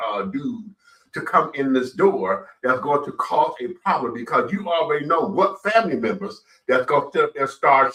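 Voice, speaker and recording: A man's voice: medium pitch, fairly bright tone, echoey room, recorded from a distance, rough recording. A man hosting a casual radio talk show, speaking emphatically and repeating himself. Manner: emphatic, repetitive, says "child" often.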